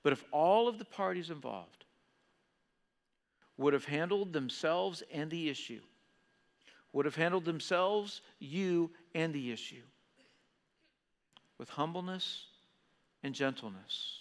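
A man preaching a sermon as pastor to a church congregation, animated and acting out listeners' voices. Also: fairly high pitch, slow, pauses often. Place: church auditorium. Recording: long reverb of a church hall.

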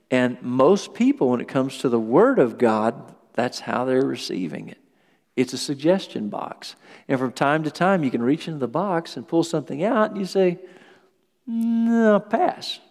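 Pastor, male, mid-pitched voice, expressive sermon delivery, reverberant sanctuary sound. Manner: animated preaching, acts out quoted voices. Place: church sanctuary.

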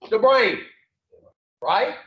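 Man preaching slow and blunt. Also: sits high, very animated. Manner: folksy, profane, asks the room questions. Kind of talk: blunt motivational talk to a group. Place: room with a small audience. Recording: roomy, distant, dull mic.

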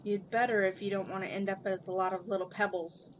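A nervous young princess who speaks anxiously, her voice pitched a little higher, as a woman reading a storybook puts her on. Faint background noise sits under the reading. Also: fairly even intonation, fast talker, close to an everyday voice. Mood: frightened. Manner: anxious, rising to sharp shouts. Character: nervous young princess, frightened but brave.

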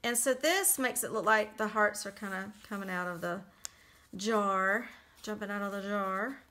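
A woman casually talking through a handmade journal she made, chatty and relaxed with lots of little fillers. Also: mid-range voice, normal speed. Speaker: crafter showing a handmade journal. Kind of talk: casual flip-through narration.

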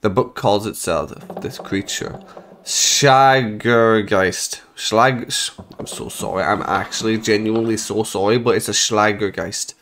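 A young man giving jokey, excitable commentary while playing a horror game, swearing when startled. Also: on the low side, moderate pace, hardly any pauses, a little hiss or hum. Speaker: gaming video creator.

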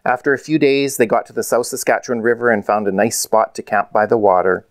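A man, the author, reading his children's storybook aloud in a measured, clear way. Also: lowish voice, steady tone, no echo.

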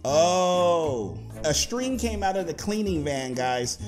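A man's voice: fairly high pitch, big pitch swings, slow pace, over music. A young man hosting a casual reaction video, laughing often and talking to his viewers. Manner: laughs often, playful slang, addresses viewers as guys. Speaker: YouTube host reacting to clips.

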